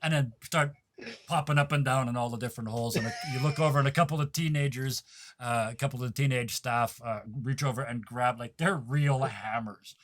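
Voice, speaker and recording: A man's voice: medium pitch, brisk. A man narrating a tabletop game as game master, rambling with fillers and frequent laughs.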